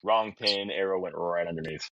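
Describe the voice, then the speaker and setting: A man hosting a podcast, chatting casually and sharing his own hunting mishap in a relaxed way. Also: sits low, normal speed, over a noisy crowd. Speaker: podcast host. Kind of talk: casual chat. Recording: dull, slightly muffled sound.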